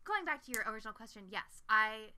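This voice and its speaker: A young woman co-hosting a casual podcast, telling stories in a profane, animated way and acting out quotes. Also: a little high, quick pace, clean tone. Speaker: podcast co-host.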